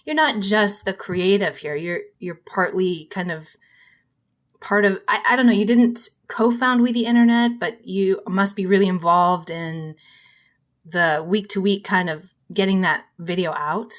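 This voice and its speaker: A woman from Minnesota hosts a casual podcast interview at a medium pitch. She talks in a friendly, chatty way and laughs easily as she asks her guest questions. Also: measured pace. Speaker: podcast host.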